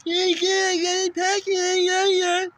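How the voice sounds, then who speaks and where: A man's voice: very high voice, monotone, takes it slowly, fairly bright tone, voice pushed up, heavily acted. A man voicing a dim-witted male sound engineer sidekick who stammers through endless uh and yeah. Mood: dopey.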